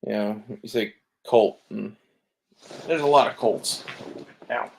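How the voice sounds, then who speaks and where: Gravelly low-voiced man, laid-back ramble. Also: slow pace. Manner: laid-back, swears often, trails off with fillers. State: sleepy. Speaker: gun vlogger browsing listings. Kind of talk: casual rambling commentary.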